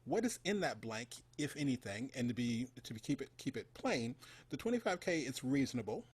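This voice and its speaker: A man's voice: mid-range voice, big pitch swings, fairly quick, slightly rough. A man interviewing a guest, an enthusiastic fan who chuckles often. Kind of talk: online interview.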